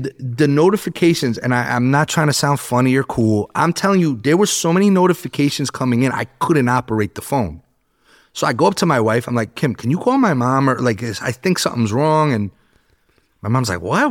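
Animated man telling a story. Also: medium pitch. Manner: animated, swears, acts out quotes. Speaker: podcast guest. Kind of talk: casual storytelling.

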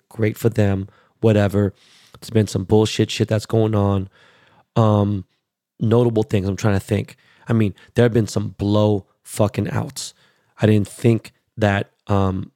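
A man in his forties from Los Angeles, ranting about sports in a blunt, profane, excitable way as a show host. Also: on the low side, no room sound, studio quality. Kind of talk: casual sports rant.

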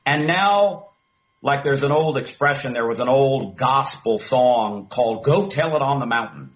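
A middle-aged man, a former talk radio host, telling a story in an interview with emphatic, animated delivery. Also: mid-range voice, a little slow, poor audio. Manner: animated, emphatic storyteller who acts out quoted dialogue.

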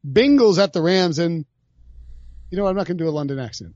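A man's voice: on the high side, animated, fast, darkish tone, dry recording, lo-fi sound. A man hosting a podcast, chatting casually about football picks with jokey asides. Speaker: podcast host. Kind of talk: casual sports betting chat.

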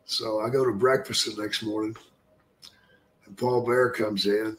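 A man's voice: fairly low pitch, fairly even intonation, normal speed, long pauses, a bit bright, slight background noise. An older man, a retired wrestler, telling stories in casual, blunt and profane podcast chat. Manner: blunt and profane, chuckling often.

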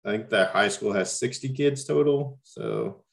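In a casual interview, a young man from Missouri who has just become a varsity basketball coach speaks as a guest, hesitating often with plenty of ums and false starts. His voice is fairly low, gravelly and expressive, and he doesn't rush.

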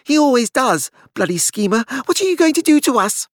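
A man voicing a frantic, nervous gentleman in an audiobook, his voice ragged and unsteady. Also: very high-pitched, little pitch movement, fairly quick, dry recording, clean studio sound, pitched above the performer's own voice. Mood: frantic, accusing.

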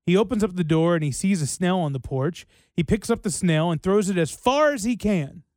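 A man in his thirties hosts a radio show, his voice high and bouncing all over the place. He rattles off dad jokes and slips into little put-on quotes along the way. The studio sound is dry and close. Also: lively intonation, fairly quick, a little mellow, dry recording. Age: 30s. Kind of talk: casual radio chat.

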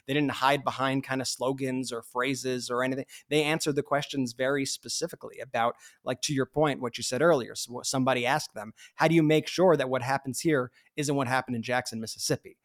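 A man co-hosting a podcast, talking casually in rapid bursts and restarting his sentences often. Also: medium pitch, steady tone. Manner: rapid, with frequent restarts and fillers. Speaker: podcast co-host. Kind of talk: casual conversational storytelling.

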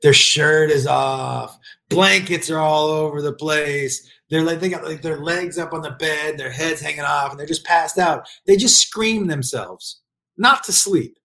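Middle-aged parent with mid-range pitch, blunt and foul-mouthed, riffing in a comedic rant. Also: unhurried, sharp tone. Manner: blunt, profane, emphatic. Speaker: parent giving advice.

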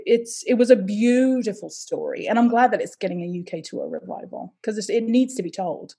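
A middle-aged woman from the United States, a stage performer chatting as an interview guest, telling lively stories with laughter and the odd swear word. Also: mid-range voice. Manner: animated storyteller, swears, laughs often. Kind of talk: casual interview chat.

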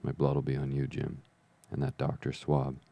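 A man reading the part of a sick old pirate sea captain, feeble and weak, pleading and grumbling in rough sailor's slang. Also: a bass voice, completely flat delivery, moderate pace, dark tone, full character voice. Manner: rough sailor's slang, begging then blustering.

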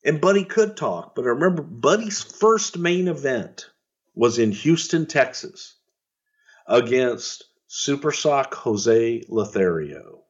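A man's voice: medium pitch, sing-song, slow pace, husky, highs cut off. A middle-aged man co-hosting a podcast, telling rambling, profane stories and laughing through his anecdotes. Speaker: podcast co-host, former wrestling executive. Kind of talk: casual storytelling.

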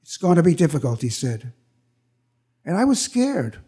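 An older man telling a true personal story on stage at a live event, animated and acting out the voices of the people in it. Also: on the high side, moderate pace, husky. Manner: animated, acts out quoted voices.

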